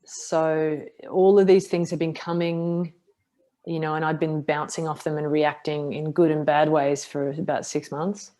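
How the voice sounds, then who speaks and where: A middle-aged woman with a notably low voice talks through a hard stretch of her life on a podcast. She is frank and self-deprecating, acting out the lines she and others said. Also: measured pace. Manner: frank, self-deprecating, animated retelling with acted quotes. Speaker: podcast guest, martial artist. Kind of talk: candid interview storytelling.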